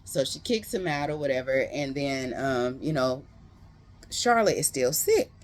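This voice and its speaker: A book reviewer giving a casual, animated retelling of a novel's plot, full of slangy asides to viewers. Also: mid-range voice, a little slow, soft background music. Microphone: close.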